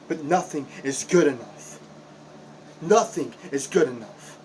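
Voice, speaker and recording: A man's voice: on the high side, expressive, a little slow, darkish tone, a little hiss or hum, rough recording. A man cutting an impassioned, confrontational wrestling promo, repeating himself for emphasis as a backyard wrestler.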